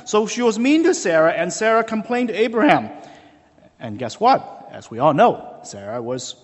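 A man preaching a sermon, telling the story with lively, animated delivery and acting out quoted voices. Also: sits high, moderate pace, long reverb tail. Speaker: pastor.

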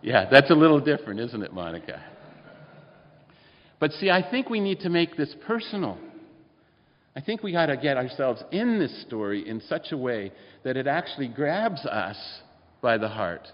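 A man's voice: mid-range voice, very animated, normal speed. A man preaching a sermon in a church, speaking conversationally and putting questions to the congregation. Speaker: pastor. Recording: dull lo-fi recording with long hall reverb.

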